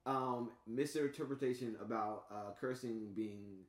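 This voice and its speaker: A man's voice: medium pitch, a little slow. A man from the Bay Area co-hosting a podcast in casual chat, laid-back, laughing often and cursing freely. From San Francisco Bay Area. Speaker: podcast co-host. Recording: roomy echo.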